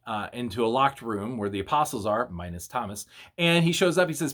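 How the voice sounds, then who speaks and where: A young man, a youth minister, giving a casual video devotional and retelling a story in an animated, slangy way. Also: medium pitch, a little fast.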